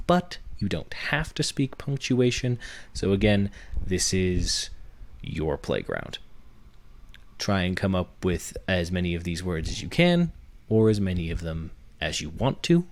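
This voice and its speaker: A young man hosting a podcast, explaining a workshop step by step in a teacherly way, building each point from worked examples. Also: deep voice. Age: young adult. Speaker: podcast host.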